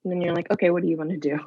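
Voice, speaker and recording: A woman's voice: lowish voice, husky, dry recording, dull audio. A woman talking casually about homeschooling as a podcast guest, chatty and acting out little quoted voices. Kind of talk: casual conversation.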